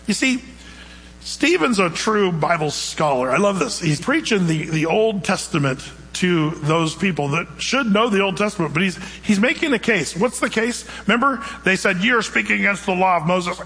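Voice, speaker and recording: A man's voice: sits high, lively intonation, moderate pace, fairly bright tone, breathy edge, in a large hall, poor audio. A man preaching a casual, conversational sermon, retelling scripture in everyday speech and asking the congregation questions. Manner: conversational, acts out quotes in casual modern speech. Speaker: pastor.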